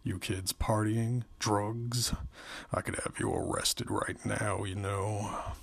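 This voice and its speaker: A man reading aloud, voicing a gaunt, sneering middle-aged night guard in a slow, low, menacing way. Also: fairly even intonation, vocal fry, a little hiss or hum.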